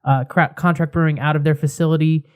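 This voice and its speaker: A man co-hosting a casual podcast, telling a story with animated build-ups. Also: fairly high pitch, fast talker, clear, resonant tone. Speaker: podcast co-host.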